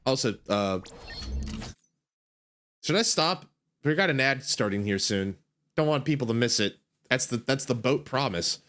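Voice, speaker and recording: A young man streaming a game for the first time, talking in a drowsy, rambling way with lots of fillers. His voice sits at an ordinary middle pitch. The delivery stays loose and relaxed. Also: a little slow, long pauses, a little hiss or hum. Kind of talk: casual let's-play commentary.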